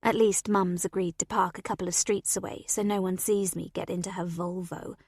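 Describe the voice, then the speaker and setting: A woman narrating a first-person story as an audiobook reader, expressive and animated, on a close studio mic. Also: fairly low pitch, brisk, breathy edge, dry recording.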